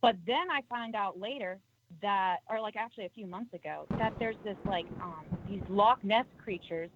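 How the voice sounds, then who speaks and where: A woman's voice: mid-range voice, moderate pace, dull audio, background noise. A woman phoning in to a radio show, telling a story hesitantly with many ums. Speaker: caller. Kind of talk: phone-in storytelling.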